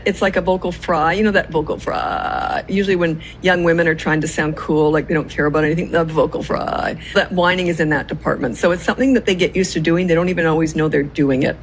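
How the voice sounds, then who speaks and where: Stern woman parenting expert, lowish voice, faint rumble behind. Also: poor audio. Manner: stern, instructive. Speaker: parenting podcast host. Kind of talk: parenting advice clip.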